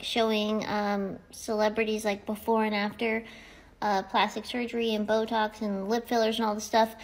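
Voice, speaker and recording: A young woman vlogging to camera in a casual, rambling way, with a high voice that sounds like it comes from someone small. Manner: chatty, rambling with many "like"s. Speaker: content creator. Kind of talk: casual talking-to-camera vlog.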